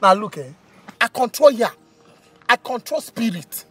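Nigerian man, comedy skit, boastful, laughing, animated pitch, faint music behind. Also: unhurried, husky. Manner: boastful then panicky, laughing often. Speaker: comedian playing a boastful native doctor. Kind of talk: skit comedy, pidgin-tinged. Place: outdoors in bush.

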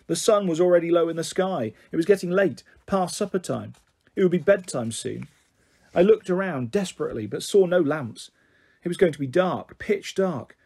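At normal speed, a man with an unusually high, husky voice narrates a children's novel in an expressive, steady read-aloud style. The feel is that of a bedtime story.

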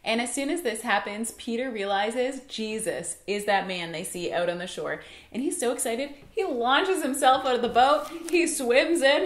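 A woman's voice: a little high, normal speed. A young woman teaching a Sunday school lesson at home, telling the story with playful voices. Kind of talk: children's Bible lesson. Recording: echoey room.

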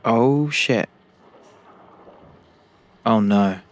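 A man's voice: medium pitch, very slow. A young British man giving joking commentary while playing a game, talking to the characters on screen. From Britain. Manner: jokey, talks to the game characters. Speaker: gaming YouTuber.

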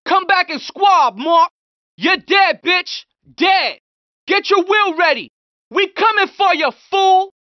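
Cocky street criminal, high lively delivery, dry dull game sound. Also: male voice, slow pace, no echo, full character voice. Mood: threatening. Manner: slangy trash talk, threatening. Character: young male street criminal, brash and hostile. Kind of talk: game pedestrian voice lines.

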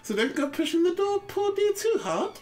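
A guy doing a fussy british mum from a video game, squeaky high and sing-songy, rattling off her advice. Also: sing-song, moderate pace, a little mellow, soft background music. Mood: fussing. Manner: fussy, sing-song motherly tone. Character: doting British mother, middle-aged woman.

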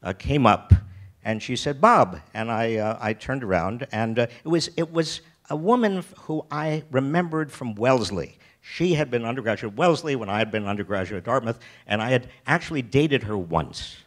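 An older man from the United States tells rambling personal stories as a festival keynote speaker, with lots of restarts and wry jokes at his own expense. He speaks in a mid-range voice with lively intonation at a moderate pace.

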